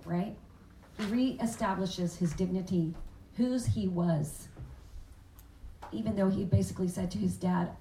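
A woman giving sermon-style Bible teaching, animated and questioning her listeners, acting out the words of the father in the story. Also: medium pitch, measured pace, a little hiss or hum. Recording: echoey room, voice from a distance.

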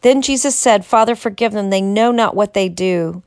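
A woman reading scripture and adding her own devotional commentary, in a slow, measured way that lifts for the quoted lines. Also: medium pitch, a little mellow, smooth, no room sound, studio quality.

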